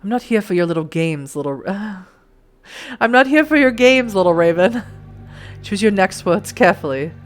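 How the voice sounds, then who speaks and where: A woman's voice: medium pitch, expressive, normal speed, soft background music, lightly acted. A woman voicing a haughty, menacing male vampire sheriff who speaks in a formal, condescending way.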